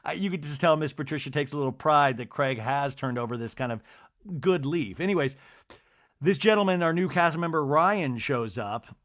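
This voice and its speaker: A man's voice: on the high side, lively intonation, moderate pace, a bit bright. A man hosting a podcast, giving a chatty, gossipy solo TV recap. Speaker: podcast host. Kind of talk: casual TV recap monologue.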